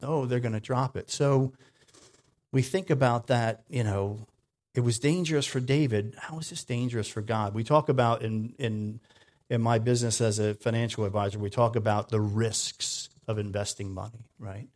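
Man preaching with loud-to-quiet swings. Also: steady tone, moderate pace. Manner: dynamic, swings from loud emphatic lines to quiet low asides; conversational, with frequent "right?" checks. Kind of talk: sermon.

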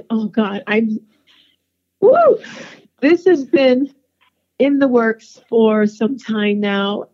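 A woman's voice: fairly high pitch, a little mellow, muffled recording. A woman singer calling in by phone, emotional and tearful as she thanks the people around her. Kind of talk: phone call-in interview.

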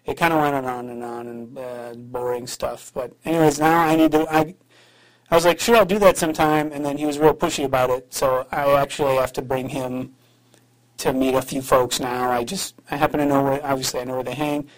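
A man's voice: medium pitch, steady tone, fairly quick, poor audio. Rambling, hesitant man leaving a message. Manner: rambling, hesitant, with many fillers. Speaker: radio show host. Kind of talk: recorded voice message to the show.

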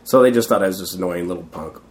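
A man's voice: sits low, fast talker. A middle-aged man in a casual interview, telling rambling stories and acting out what others said. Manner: rambling, acts out quoted voices. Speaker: guest, street performer.

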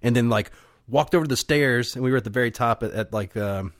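A man's voice: mid-range voice, fast, dry recording, clean studio sound. A man co-hosting a film podcast, telling long rambling stories in casual chat, laughing often and swearing freely. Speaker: podcast co-host.

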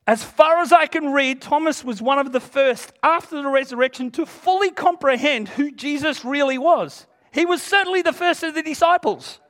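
A man's voice: very high-pitched, normal speed, hardly any pauses, a bit bright. A man preaching a sermon to a congregation, earnest and emphatic, retelling scripture in everyday speech.

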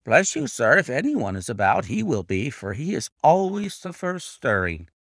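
A man's voice: mid-range voice, wildly swooping pitch, moderate pace, creaky, fairly bright tone, no echo, clean studio sound, pitched above the performer's own voice, full character voice. A man voicing a nervous, deferential young stable groom in a read-aloud detective story. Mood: eager.

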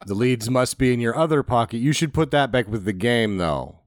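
A man's voice: medium pitch, animated, fairly quick, no room sound. A man co-hosting a podcast, adding dry, sarcastic asides about a movie. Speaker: podcast co-host. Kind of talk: casual movie chat.

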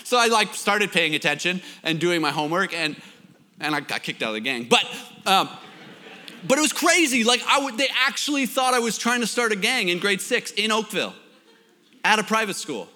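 Bright-voiced joking young preacher. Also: male voice, sits high, animated, normal speed, in a large hall. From Canada. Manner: joking, storytelling, self-deprecating. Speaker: pastor. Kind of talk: sermon.

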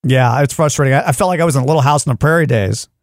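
Fast-talking animated male podcast host. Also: medium pitch, no echo, studio quality. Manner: animated storyteller, acts out yelling at devices. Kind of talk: casual chat, comic storytelling.

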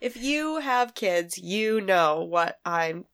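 A woman co-hosting a casual podcast, her voice stuffed up from a cold. She tells stories with animation and laughs as she goes. The mic sound is dry and close, at a middle pitch. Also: slow pace, clear, resonant tone, no room sound. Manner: animated storyteller, laughs often. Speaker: podcast co-host. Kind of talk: casual chat.

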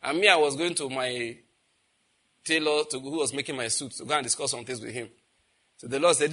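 Husky Nigerian preacher telling stories. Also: male voice, mid-range voice, a little fast, pauses often, pushed and bright. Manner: storytelling, asks the audience questions. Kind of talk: sermon.

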